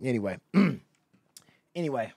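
A man hosts a casual reaction stream, telling gossip with lots of laughter. His voice sits mid-pitch and swoops widely as he gets worked up. The mic sound is dry and close. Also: unhurried, husky, no room sound. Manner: laughs a lot, animated gossipy storytelling. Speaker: live-stream reaction host. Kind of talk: casual live-stream commentary.

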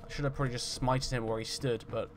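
A man's voice: mid-range voice, flat delivery, fast talker, a little hiss or hum. Chatty male gaming commentator. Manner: chatty and jokey, gets loud and jumpy when startled. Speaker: gaming roleplay host. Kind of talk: roleplay let's-play commentary.

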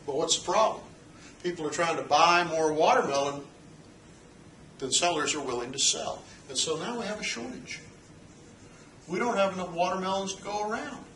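Echoey teacher asking rhetorical questions. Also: male voice, sits high, lively intonation, normal speed, long pauses, a bit bright, slight background noise. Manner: asks the class rhetorical questions; checks in with "okay?". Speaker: economics teacher. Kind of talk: recorded lecture. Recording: echoey room, mic at a distance.

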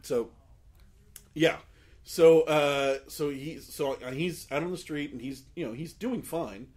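A man, his voice pitched a little above the usual, chats casually on a podcast. He spins a long story, acts out each person in it and laughs often. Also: slow pace. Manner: animated, acts out quoted people, laughs often. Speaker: podcast co-host.

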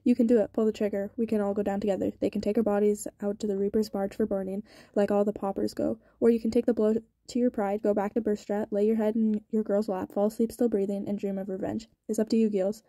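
A cold young gang boss with a gravelly rasp, as a woman reads him aloud from a novel. He taunts quietly and deliberately, his voice dark and muffled, and the words come quickly. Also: high-pitched, flat delivery, no room sound. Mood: menacing.

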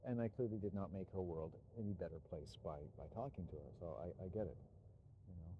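A man talking in a rambling monologue, meandering and halting, with frequent restarts and chuckles. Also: low-pitched, phone-quality sound, background noise.

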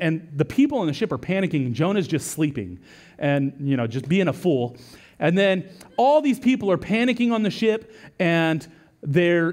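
A male lead pastor preaching a sermon in a conversational, storytelling way, often asking "right?" and acting out quotes. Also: high-pitched. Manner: animated storytelling with acted-out quotes; conversational, frequent "right?" asides.

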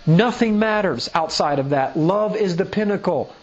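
A man's voice: high voice, animated, moderate pace, dull audio. A male pastor giving a sermon, pressing his point with rhetorical questions and reading scripture aloud. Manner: emphatic, full of rhetorical questions. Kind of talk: sermon teaching.

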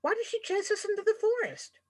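A woman's voice: very high voice, brisk, pitched above the performer's own voice. A woman voicing a spunky, skeptical young girl with a blunt, sarcastic manner. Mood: indignant.

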